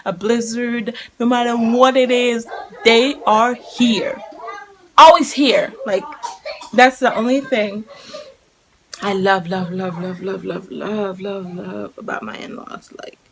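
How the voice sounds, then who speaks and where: A Jamaican woman in her thirties, chatting casually to camera at home, rambling and repeating herself. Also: on the high side. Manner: rambling, repeats herself, talks in bursts with sudden loud calls. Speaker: family vlogger. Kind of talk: casual vlog chat to camera. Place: at home, indoors.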